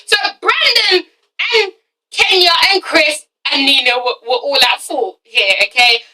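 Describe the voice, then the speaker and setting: A woman reviewing a TV episode in a casual vlog, animated and swearing freely, often breaking into laughter. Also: high voice, a little slow, far from the mic, low-quality recording. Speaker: TV show reviewer.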